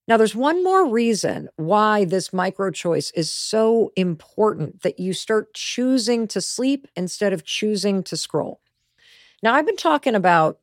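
A woman's voice: medium pitch, no room sound. Brief: middle-aged woman, motivational podcast host, blunt and conversational, dry studio sound. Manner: candid, emphatic, conversational.

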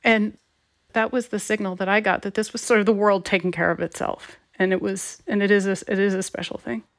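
A woman guest telling a personal story in a reflective, heartfelt way, pausing and restarting as she thinks. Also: mid-range voice, fairly even intonation. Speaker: guest, advice columnist.

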